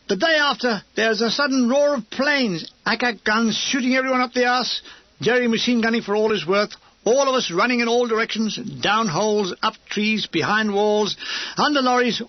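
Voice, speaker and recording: A man's voice: sits high, no room sound, muffled recording. A man narrating an audiobook memoir with dry, comic storytelling.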